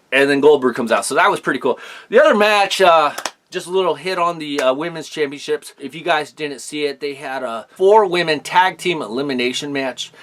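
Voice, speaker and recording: A man's voice: a little high, a bit bright. A man hosting a casual vlog who talks to his viewers in an opinionated, rambling way. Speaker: host.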